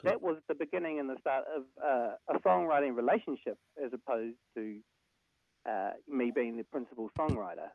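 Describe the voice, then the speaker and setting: A man's voice: medium pitch, gravelly, no room sound. Kiwi singer looking back on an old song, thinks as he talks, tinny phone sound, dry. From New Zealand. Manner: thoughtful, halting, fond. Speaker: band singer. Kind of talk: reflective interview clip.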